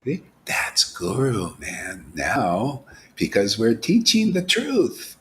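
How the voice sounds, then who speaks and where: A man giving an informal, animated devotional talk as a spiritual teacher, dropping to whispers and rising to exclamations. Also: medium pitch, slow pace, slight background noise. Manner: animated preaching, swings from whispers to loud exclamations.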